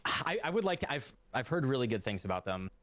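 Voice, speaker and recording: A man's voice: mid-range voice, very animated, fast talker, a bit bright, dry recording. A man talking casually on a live stream about the tool he is building, rambling and laughing often. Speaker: guest developer of a game tool.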